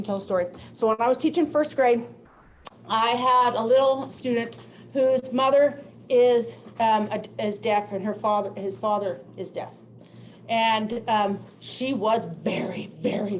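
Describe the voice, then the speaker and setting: An older woman giving a presentation to teachers, telling classroom stories in a lively way and laughing often. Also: fairly high pitch, normal speed, a little hiss or hum, rough recording. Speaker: teacher of deaf students. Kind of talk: presentation to educators.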